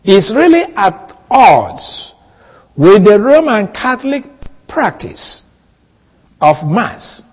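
Man, Bible teacher, sermon, deliberate, repeats key words, husky, fairly high voice. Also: sing-song, in a large hall, poor audio. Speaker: preacher.

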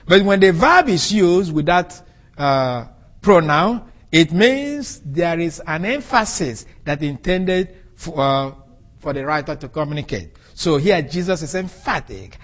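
A man preaching a sermon, teaching from the Bible and explaining Greek words with an animated delivery. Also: unhurried. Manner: animated, rises and falls sharply in pitch and loudness.

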